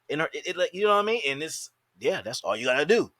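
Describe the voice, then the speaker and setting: A man in a studio podcast, talking in crude, animated, mocking banter and laughing often. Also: high-pitched, fast talker, no echo. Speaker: podcast host.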